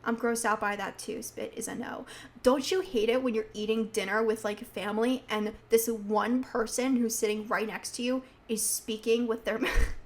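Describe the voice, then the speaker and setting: Teen girl host, bit high voice, giggly chatty monologue, loose casual delivery. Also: moderate pace. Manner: chatty, giggly, animated storytelling with many fillers. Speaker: podcast host.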